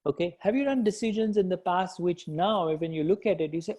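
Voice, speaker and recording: A man's voice: sits high, a little fast, a little mellow. Upbeat man coaching a live group. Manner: encouraging, repeats himself, answers live participants. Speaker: business coach. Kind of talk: live online coaching session.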